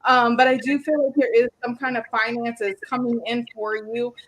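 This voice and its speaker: A woman's voice: fairly high pitch, level tone, normal speed, a bit bright. A woman doing psychic card readings on a live stream, chatty and full of ums, calling viewers "my love".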